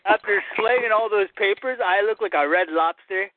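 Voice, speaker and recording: Rowdy male phone-in guest, high and swooping, thin tinny line. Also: normal speed, dry recording. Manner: boisterous, rambling, jokey. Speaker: call-in regular guest. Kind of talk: rowdy casual chat.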